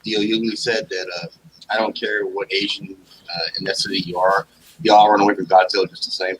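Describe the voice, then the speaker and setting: A man in a casual chat, dropping quick jokes and wisecracks. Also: lowish voice, little pitch movement, fairly bright tone, a little hiss or hum, poor audio.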